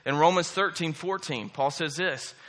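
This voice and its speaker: Preacher guy, bright sharp voice, kinda high, keeps asking okay? right? as he preaches. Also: normal speed. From Southern US. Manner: emphatic, repeats key phrases and checks in with "okay?" and "right?". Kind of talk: sermon.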